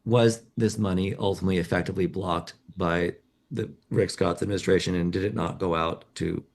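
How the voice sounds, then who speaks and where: A scratchy, gravelly man sits for an interview, his voice pitched on the low side. He speaks haltingly, repeating words and restarting his sentences, and fills the gaps with "you know.". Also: fairly even intonation. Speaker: journalist guest. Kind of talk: conversational interview.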